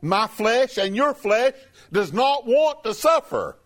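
Lively, high-voiced male preacher. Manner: emphatic, reads scripture in a slow raised voice. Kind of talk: sermon.

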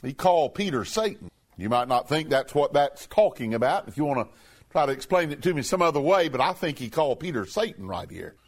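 A man preaching a sermon, talking plainly to his congregation and reading scripture aloud slowly and emphatically. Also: a little high, very animated. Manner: emphatic, reads scripture in a slow raised voice.

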